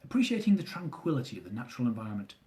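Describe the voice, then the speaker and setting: A man's voice: mid-range voice, sing-song, racing, mellow. A young man reading aloud from his own travel memoir, with dry, self-mocking humour.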